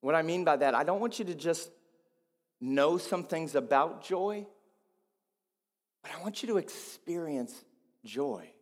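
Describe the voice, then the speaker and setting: A high-voiced male preacher delivers a sermon in a big church sanctuary, his voice ringing with long reverb. He moves between soft, reasoning stretches and loud, fervent climaxes, calling on the congregation to repeat after him. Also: expressive, a little slow, pauses often. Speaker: pastor. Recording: long reverb of a large hall.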